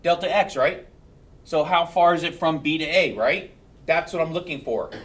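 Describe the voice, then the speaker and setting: A man's voice: on the high side, moderate pace, fairly bright tone, distant mic. A male math teacher giving a classroom lecture, checking in with his students and joking between steps. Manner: keeps checking in with "right?", joking asides.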